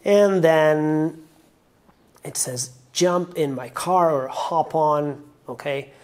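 A man's voice: fairly high pitch, extremely slow, darkish tone. A man with an Italian accent, a native Italian speaker, explaining song lyrics to learners carefully and step by step. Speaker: language teacher.

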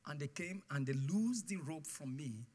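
A man preaching a guest sermon, telling his testimony with mounting passion and bursts into shouted declarations. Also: on the high side, expressive, normal speed, slightly rough. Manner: impassioned storytelling, swelling to shouted declarations. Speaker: guest pastor. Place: church sanctuary. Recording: long church hall reverb.

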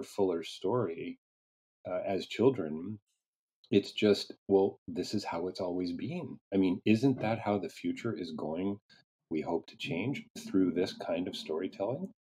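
Deep, dark-voiced male interview host. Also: slightly rough. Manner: warm, earnest, halting with many restarts. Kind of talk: video-call interview.

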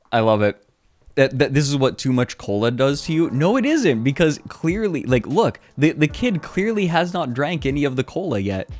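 An American man chatting casually on a livestream, playful and quick to laugh. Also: medium pitch. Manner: laughs a lot, playful, lively. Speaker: streamer.

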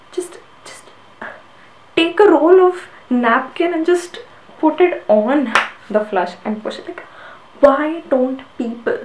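A woman's voice: a little high, darkish tone, echoey room, a little hiss or hum, rough recording. A woman ranting with exasperation about people's bad hygiene habits in a casual video.

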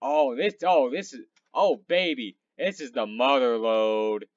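A young man casually commenting on his gameplay, swearing and rambling between loud outbursts and low mumbling. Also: measured pace, no room sound, lo-fi sound. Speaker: gaming channel host.

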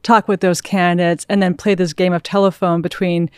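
A woman's voice: on the low side, level tone, fairly quick, darkish tone, smooth, dry recording, clean studio sound. A woman guest on a podcast interview, thoughtful and agreeable, answering at length. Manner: thoughtful, agreeable, backchannels often. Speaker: venture capital partner, guest. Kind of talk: casual interview chat.

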